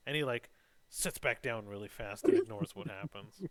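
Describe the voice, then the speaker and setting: A man's voice: medium pitch, wildly swooping pitch, normal speed, no echo. A man running a tabletop game as game master, narrating in a laid-back way with many ums.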